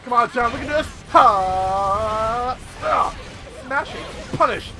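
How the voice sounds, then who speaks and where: A young man giving casual, excitable commentary while playing a video game, swearing and repeating lines from the game. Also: very high voice, slow, over music, a crowd in the background. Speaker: gameplay video host. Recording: loud game soundtrack behind.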